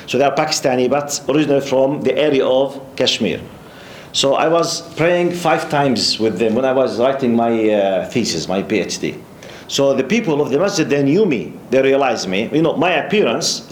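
A middle-aged man from Jordan with a Jordanian Arabic accent, a lecturer giving a lively religious talk full of stories, laughing often and repeating words. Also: mid-range voice, slight background noise. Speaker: Islamic studies lecturer. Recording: roomy echo.

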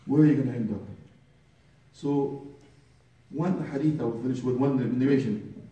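A man's voice: mid-range voice, moderate pace, long pauses, dark tone. A man preaching a sermon with fervent rhetorical questions, reciting Arabic scripture and translating it, calling listeners brother. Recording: very echoey room, far from the mic.

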